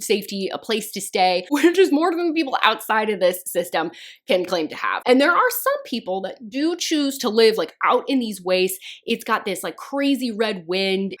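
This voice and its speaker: Woman, book reviewer, casual chat, lively sing-song pitch, chatty. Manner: chatty, animated, laughs often.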